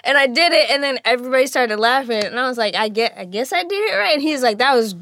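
A woman's voice: animated, quick pace, a bit bright, a little hiss or hum. A woman voice actress in casual chat, bubbly, laughing often and acting out quotes. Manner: bubbly, laughs often, quotes people with big pitch swings.

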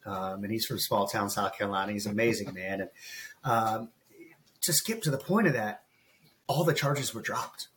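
Speaking at normal speed in a fairly low, fairly bright voice, an American coach of about 40 appears as a podcast guest. He tells a personal story earnestly and emotionally, addresses the host as bro, and slight background noise is audible in this candid interview.

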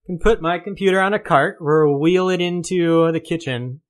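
A man's voice: fairly high pitch, moderate pace. A man co-hosting a live-streamed podcast in casual chat, joking and trading wisecracks. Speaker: podcast co-host.

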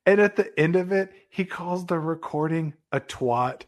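A man's voice: on the high side, measured pace. A man co-hosting a casual film review chat, joking and laughing often as he talks. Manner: jokey, laughs often while talking. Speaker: podcast co-host reviewing a film.

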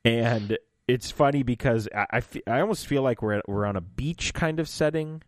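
A man's voice: mid-range voice, normal speed, no echo, clean studio sound. A man co-hosting a podcast, chatting casually and animatedly, often laughing as he recaps a story. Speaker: podcast co-host. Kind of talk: casual chat recapping an audio drama.

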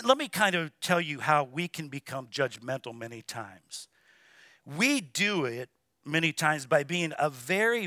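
Male pastor, high bright voice, dry close sound, lively sermon delivery. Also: no room sound. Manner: animated preaching with quoted asides. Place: church.

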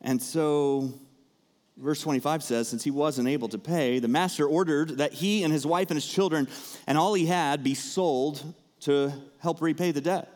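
A man preaching a sermon as pastor, talking in a conversational way and turning lively when he acts out the people in the story. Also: a little high, normal speed. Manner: conversational, animated when acting out characters.

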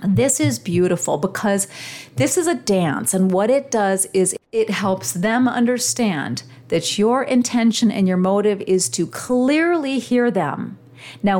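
A woman's voice: mid-range voice, darkish tone. A woman hosting a show, giving an earnest coaching talk straight to her listeners. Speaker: podcast host. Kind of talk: motivational teaching monologue.

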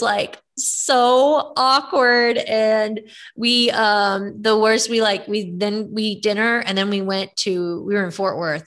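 Young woman, podcast host, chatty and animated, clear bright tone. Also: mid-range voice. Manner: animated storytelling, lots of fillers. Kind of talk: casual chat.

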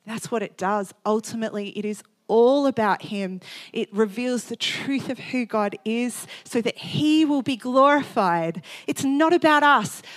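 Fervent woman preaching a sermon. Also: fairly high pitch. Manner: fervent, fast-paced, rising to exclamations.

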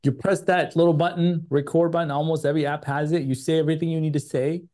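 A man with an American accent from Chicago, an energetic and enthusiastic podcast guest. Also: on the high side, fast. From United States. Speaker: guest, agency CEO. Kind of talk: podcast interview.

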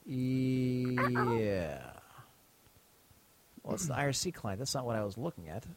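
A man's voice: mid-range voice, expressive, slow pace. A man hosting a casual podcast chat, rambling and swearing as he reads listener mail and trails off mid-sentence. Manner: rambling, profane, trails off while reading. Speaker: podcast host.

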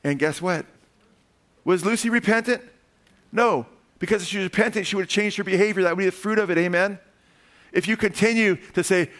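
A man preaching a sermon as pastor, animated, calling "amen?" to the congregation and acting out voices as he tells stories. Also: high-pitched, a little fast. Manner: acts out quoted voices in storytelling.

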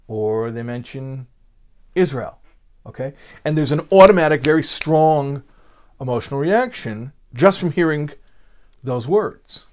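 Brief: male Torah teacher, relaxed talky lecture delivery, mid-pitched, loose and repetitive phrasing. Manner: conversational, with many fillers and restarts. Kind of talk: spoken lecture.

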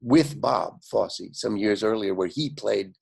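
Gravelly older man telling stories. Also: fairly low pitch, a little slow. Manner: animated storyteller, quotes others in lively voices, frequent fillers and laughs. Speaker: guest. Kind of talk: anecdotal storytelling.

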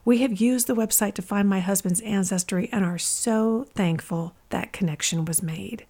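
Husky woman hosting a podcast. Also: mid-range voice, normal speed, mellow. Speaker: podcast host. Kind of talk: scripted podcast intro and reading a listener letter.

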